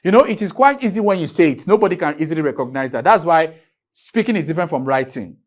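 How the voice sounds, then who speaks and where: A man's voice: a little high, animated. Emphatic man teaching grammar at a board. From Nigeria. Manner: drawn-out, emphatic teaching with repeated questions to students. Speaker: English teacher. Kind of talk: classroom grammar lesson. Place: classroom with a board.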